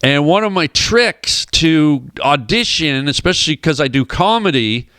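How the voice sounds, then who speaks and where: A man with a smooth, clear voice sitting a touch high for a man tells a story in a dry, close studio sound. He speaks on a radio talk show as a guest comedian, casual and lively, and he slips into the voices of the people in his tale. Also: measured pace, no echo. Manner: animated storyteller who acts out quoted voices. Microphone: studio microphone.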